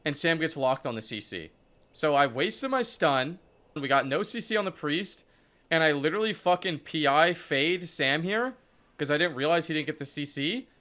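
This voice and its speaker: A young man giving casual commentary on his own competitive match, excitable and profane, full of "like" and "dude". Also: a little high, moderate pace. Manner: excitable, profane, filler-heavy talk. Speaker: esports player reviewing his match.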